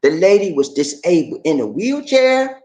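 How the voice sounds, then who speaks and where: A man giving animated, preachy commentary on a news story, playful and repetitive, with questions for his audience. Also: high voice, moderate pace. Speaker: commentary channel host.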